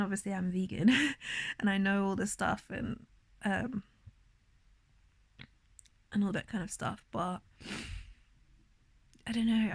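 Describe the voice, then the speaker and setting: A woman's voice: mid-range voice, dry recording. A young woman vlogging to camera, rambling and emotional, near tears, with many fillers. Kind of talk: casual confessional vlog.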